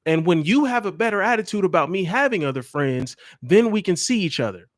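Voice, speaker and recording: Man doing a young woman voice, evasive, making excuses, airy and mocking, raised pitch, dry sound. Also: lively intonation, brisk, dry recording.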